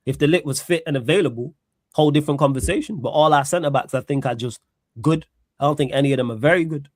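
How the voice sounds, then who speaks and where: A man's voice: a little high, fast talker, darkish tone, no room sound, studio quality. A man, talking football casually as co-host of a podcast, chatty and rambling. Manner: chatty, rambling, often restarts.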